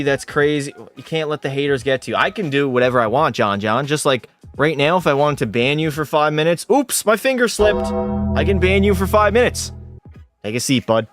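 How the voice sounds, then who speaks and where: A man streaming a hockey video game live, calling plays like a commentator and bantering and swearing with his chat. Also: fairly high pitch. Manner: excitable play-by-play calls, swears and banters with chat.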